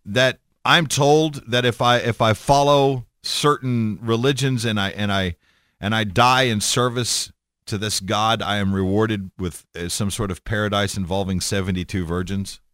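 A man giving an irreverent, sarcastic rant, animated and stammering as he goes. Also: fairly low pitch, measured pace, no room sound, studio quality. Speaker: commentator.

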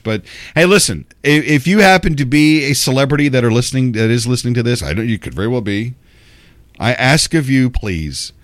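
A man's voice: fairly low pitch, fairly bright tone, no echo. A man from Memphis hosting a radio show, talking in a casual, meandering monologue with frequent restarts and fillers. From Memphis, Tennessee.

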